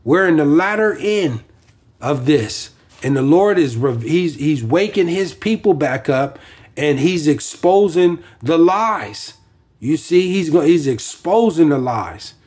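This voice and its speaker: A man's voice: fairly high pitch, animated, takes it slowly, darkish tone, breathy edge. A man preaching informally from scripture, rambling with many fillers and restarts.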